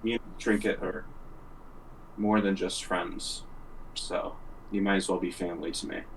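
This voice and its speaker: Deep-voiced blunt player, far off mic. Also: male voice, steady tone, a little hiss or hum. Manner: blunt, halting. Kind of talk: casual tabletop play.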